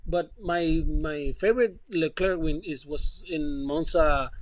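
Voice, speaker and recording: A man guesting on a podcast, relaxed and chatty, with casual swearing as he tells his stories. His voice sits a bit high for a man. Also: takes it slowly, no echo, low-quality recording.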